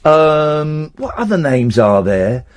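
A man's voice: fairly high pitch, big pitch swings, slow, no echo. Jokey, rambling male radio host. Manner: rambling, jokey, self-mocking. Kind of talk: casual radio chat. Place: radio studio. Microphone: studio mic.

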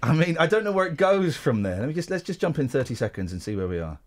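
A man banters on his radio show with a lively, bouncing voice that leaps up and down. He jokes constantly and keeps tripping into restarts as he talks. His pitch sits a little higher than most men's. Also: fast talker, music in the background. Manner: animated and jokey, stumbling restarts. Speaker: radio host.

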